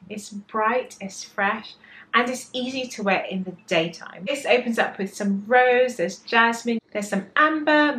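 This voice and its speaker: A woman's voice: fairly high pitch, a bit bright. An English woman reviewing perfumes in a vlog, talking with enthusiastic, gushing detail about how they smell. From England. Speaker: perfume vlogger.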